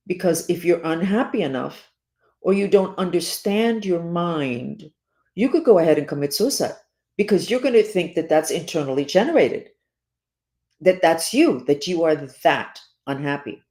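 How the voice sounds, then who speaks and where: A woman addresses her listeners as a spiritual teacher, speaking earnestly and urgently in a monologue. She repeats herself and slows down to stress key words, and her lowish, darkish voice stays animated.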